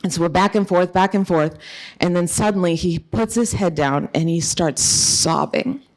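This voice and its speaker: A woman's voice: lowish voice, normal speed. A middle-aged woman giving an earnest, emphatic conference talk as an author, telling a personal story. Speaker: author and speaker.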